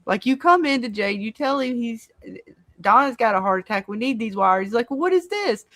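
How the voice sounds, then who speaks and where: Profane, animated woman on a fan panel. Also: fairly high pitch, brisk, dry recording. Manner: profane, animated, acts out quotes from the show. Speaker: podcast panelist. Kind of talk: casual fan-show discussion.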